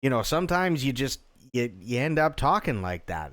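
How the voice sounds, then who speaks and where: A man's voice: medium pitch, lively intonation, moderate pace, a bit bright. A man livestreaming a game, chatting casually and rambling, with restarts and casual swearing.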